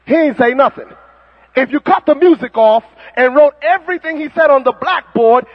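A man's voice: very high-pitched, normal speed. Man, preaching sermon, mocking, long reverb, muffled sound. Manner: animated, mocking, preaching with impressions. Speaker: Muslim preacher. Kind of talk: fiery sermon. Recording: dull recording with long hall reverb.

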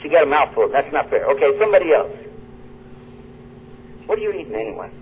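A lively man teaches before a live audience, his pitch swinging up and down as he jokes and quizzes people. The voice sits a little high for a man. The broadcast sounds dull and lo-fi, with a faint hiss behind it. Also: quick pace. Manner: playful, joking, quizzing the audience. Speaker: radio show host and lecturer. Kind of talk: live lecture with audience questions.

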